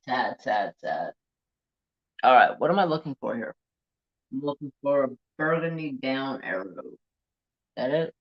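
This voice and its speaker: A man telling a personal story in a slow, halting, reflective way while he works on a craft. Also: mid-range voice, sing-song, muffled recording. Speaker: crafting vlogger.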